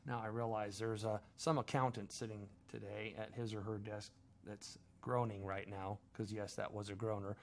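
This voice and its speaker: A man's voice: fairly low pitch, level tone, moderate pace, creaky, a little hiss or hum. A middle-aged man hosting a talk radio show, telling a long story in a wry, self-mocking way. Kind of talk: storytelling monologue.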